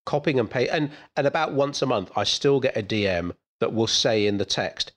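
A man's voice: mid-range voice, lively intonation, moderate pace, fairly bright tone. Man, blunt, jokey, casual podcast chat. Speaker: podcast co-host.

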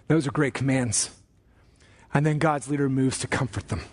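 A man preaching a sermon as pastor, emphatic, slowing down and rising on key commands. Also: mid-range voice.

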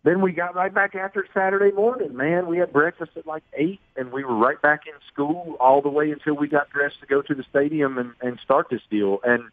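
A man's voice: fairly high pitch, a little fast, few pauses, no echo. A man, a sportscaster guest telling self-deprecating stories in a phone-in radio interview. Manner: storytelling, self-deprecating, chatty. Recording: tinny phone line.

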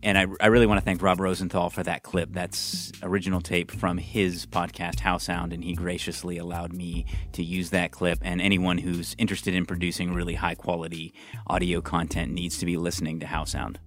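A man with a very low, level voice hosts a podcast. He speaks earnestly and evenly, with little rise and fall. Faint music plays under his narration. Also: level tone, a little fast, a bit bright. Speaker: podcast host.

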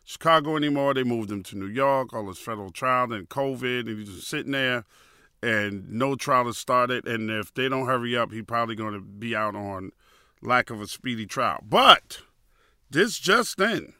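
A man in his fifties hosting a podcast, telling a story in a loose, animated way with slang. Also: mid-range voice, moderate pace, clear, resonant tone, no room sound, studio quality. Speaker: podcast host. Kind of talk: casual storytelling.

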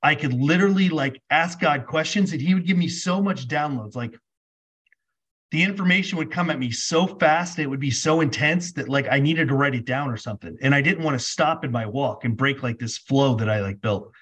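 A man's voice: mid-range voice, a little fast, husky. A man, a podcast guest, telling a personal story casually, acting out both sides of conversations with lots of "like". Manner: animated storyteller acting out dialogue, many "like"s.

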